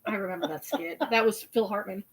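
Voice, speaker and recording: A woman in her late twenties hosting a casual chat, animated and giggly, playing with silly voices. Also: medium pitch, a little fast, low-quality recording. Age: 20s. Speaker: host.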